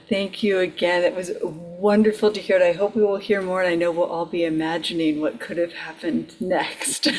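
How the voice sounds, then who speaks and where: A woman's voice: on the low side, a little hiss or hum, poor audio. A woman hosting a storytelling evening, reacting to a teller and introducing the next one. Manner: laughing, warm and encouraging. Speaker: event host. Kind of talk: casual chat.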